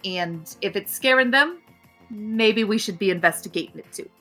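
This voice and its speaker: A woman's voice: mid-range voice, lively intonation, moderate pace, pushed and bright, soft background music. A young woman narrating a tabletop game as game master, casual and profane, voicing many characters.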